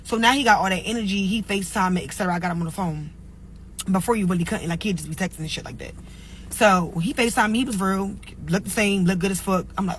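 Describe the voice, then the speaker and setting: Speaking fairly quickly in a medium-pitched, fairly bright voice, a young woman who is a single mother chats her way through a story, leaning on "like" and "or whatever." The audio quality is poor, with a little hiss or hum.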